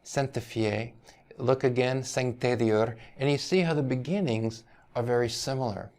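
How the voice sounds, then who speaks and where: A man's voice: medium pitch, normal speed, a little mellow. A male university teacher giving a lecture on language history, explaining patiently, often checking in with "right?" and hedging over foreign pronunciations.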